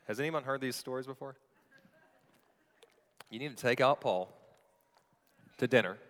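A man's voice: medium pitch, fairly bright tone, long reverb tail. A man preaching a sermon in a church, telling a story with playful asides to the congregation. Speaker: pastor. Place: church sanctuary.

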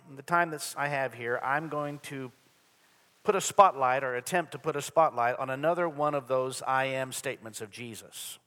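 In a church sanctuary, a male pastor with a fairly high, fairly bright voice delivers a Sunday sermon. He is earnest and repetitive, with dry humor, and the recording carries a long hall reverb.

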